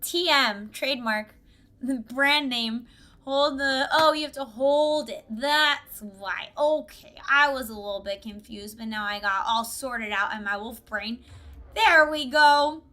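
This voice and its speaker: A woman's voice: a little high, a little slow, bright, forceful tone. A woman chatting with viewers on a casual gaming live stream, bubbly and giggly, recorded on a desk mic at home.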